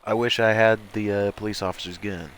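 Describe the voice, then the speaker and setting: A man's voice: fairly low pitch, fairly even intonation, fairly quick, fairly bright tone, clear, resonant tone. Casual, joking male streamer. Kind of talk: casual gameplay commentary.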